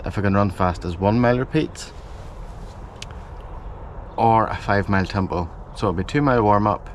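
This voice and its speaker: A man's voice: sits low, a little hiss or hum. A man vlogging outdoors before a run, rambling and correcting himself as he thinks aloud. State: out of breath while running. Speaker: running vlogger. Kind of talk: casual self-filmed vlog. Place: outdoors, in a park. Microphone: handheld camera mic.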